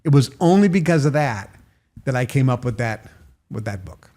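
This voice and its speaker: An older man from Massachusetts, a podcast guest telling animated stories and acting out quoted dialogue with sudden jumps in pitch. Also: moderate pace. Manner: emphatic, acts out quoted dialogue with raised pitch. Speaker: podcast guest, author and marketer. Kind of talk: animated interview storytelling.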